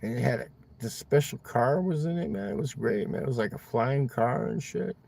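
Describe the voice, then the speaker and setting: Man, rambling livestream chat, gravelly voice, dark husky tone, talking into a phone in a car. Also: mid-range voice, expressive, normal speed. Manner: rambling, drawling, swears a lot, ends lines with "man". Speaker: livestream host. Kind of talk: casual chat with viewers. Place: inside a parked car.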